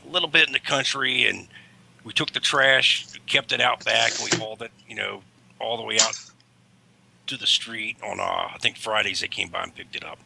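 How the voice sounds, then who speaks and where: A man's voice: medium pitch, vocal fry, background noise. A man who drives a school bus, telling rambling stories in a casual livestream chat and correcting himself as he goes. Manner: rambling, self-correcting anecdotes.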